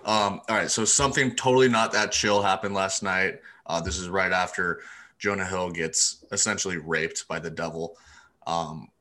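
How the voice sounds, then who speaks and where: Bright-voiced young man chatting casually. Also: fairly even intonation, moderate pace. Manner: laughing, acts out quotes in pitched-up voices. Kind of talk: casual chat.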